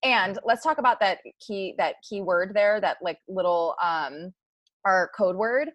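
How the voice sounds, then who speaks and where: A woman's voice: medium pitch, unhurried, lo-fi sound. A woman chatting casually with her partner as podcast co-host, laughing easily and saying "like" a lot.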